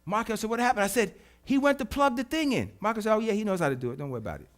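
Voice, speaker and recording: A man preaching a sermon as pastor, swinging from hushed, soft lines to loud, emphatic repetition. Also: high-pitched, lively intonation, rapid-fire. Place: church.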